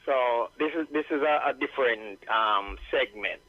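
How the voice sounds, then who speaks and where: A man calling in to a radio show, talking slowly and loosely with many fillers. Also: medium pitch, music in the background. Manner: slow, relaxed, full of fillers. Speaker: caller joining the show. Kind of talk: casual radio chat. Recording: dull lo-fi sound.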